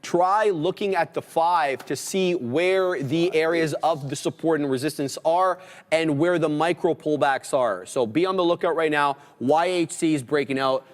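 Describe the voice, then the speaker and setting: A man hosting a live trading stream, calling market moves in an excitable, hyped way. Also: a little high, moderate pace, in a large hall. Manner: hyped, excitable, auctioneer-like calls. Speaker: stream host and trader.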